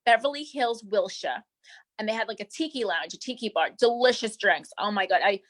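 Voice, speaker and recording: A woman's voice: mid-range voice, fairly quick, fairly bright tone, close to an everyday voice. A comic actress playing a flamboyant female manicurist to Hollywood stars, rambling through breezy gossip and calling everyone darling and doll. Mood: gossipy. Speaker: guest. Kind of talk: improvised comedy character interview.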